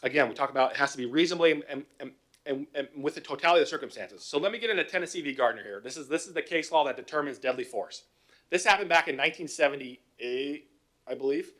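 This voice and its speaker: Cop addressing council, middle-aged man, raised pitch, conversational, asks rhetorical questions. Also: fast talker, a bit bright. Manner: conversational, acts out both sides of calls, rhetorical questions. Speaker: police officer presenting to city council. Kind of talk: informal presentation with anecdotes.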